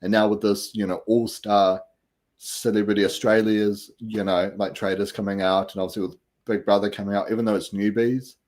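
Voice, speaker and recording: Male host, lowish voice, chatty and rambling, lots of "you know". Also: little pitch movement, fairly quick, darkish tone. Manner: upbeat, rambling with many fillers. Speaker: podcast host. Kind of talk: casual chat.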